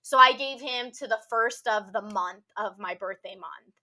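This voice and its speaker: A young woman telling a personal story on a podcast, rambling casually with constant "like" fillers and a soft, subdued delivery. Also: mid-range voice, normal speed. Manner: rambling, heavy use of "like" filler.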